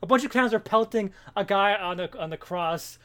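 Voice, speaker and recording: A man in casual chat, retelling a comic's plot in a rambling, animated way with many fillers and restarts. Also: sits high, moderate pace, crowd noise. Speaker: comic book podcast co-host.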